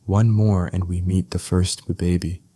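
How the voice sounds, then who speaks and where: A man voicing a calm, efficient female doctor who gently encourages during a delivery in an audio story. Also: sits low, unhurried, husky, no room sound. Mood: encouraging.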